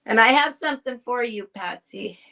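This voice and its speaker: Her voice is fairly high, gravelly and sharp, delivered at a moderate pace. Hosting a live stream at home to sell vintage goods, she addresses viewers directly in casual chat, rambling and often restarting sentences.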